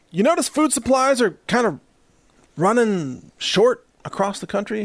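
Male host, sarcastic ranter, higher register, dead-dry room. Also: vocal fry, no echo. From Southern US. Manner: sarcastic, chuckling between jabs. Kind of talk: ranting monologue.

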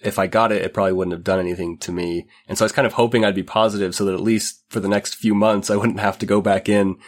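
A man's voice: fairly low pitch, fast talker. A young man hosting a podcast, congested from a cold, chatty and laughing as he tells stories. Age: young adult. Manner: chatty, laughs often, animated storytelling. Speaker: podcast host. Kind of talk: casual chat.

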